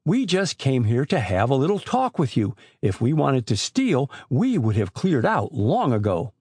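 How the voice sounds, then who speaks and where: A man's voice: medium pitch, sing-song, moderate pace, a little mellow, breathy edge, dry recording, studio quality. A man doing a level-headed teenage detective. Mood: earnest. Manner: earnest, reasoning. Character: sober, level-headed older teenage brother.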